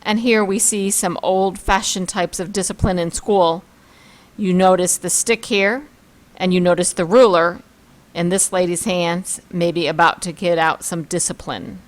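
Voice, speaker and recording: A woman's voice: fairly low pitch, fairly even intonation, unhurried. A woman teaching a vocabulary lesson, reading words and example sentences aloud and commenting on pictures. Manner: reads word lists and example sentences, then comments on pictures.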